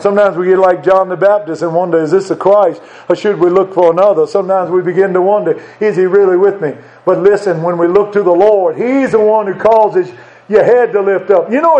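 A man's voice: high voice, darkish tone, highs cut off. A man preaching a sermon in an earnest, conversational way, repeating short phrases for emphasis.

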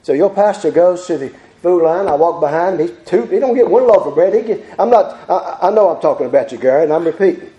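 A man preaching in a high, mellow voice, fervent and repetitive, often restarting his sentences. The sound is roomy, echoing off the walls of a church. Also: expressive, fast talker, hardly any pauses, lo-fi sound. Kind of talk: sermon. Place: church sanctuary. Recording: echoey church hall.

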